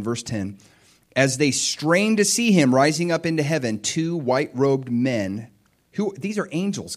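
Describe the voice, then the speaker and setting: Animated man preaching a sermon. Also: medium pitch. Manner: animated storytelling, acts out voices of biblical figures. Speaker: pastor.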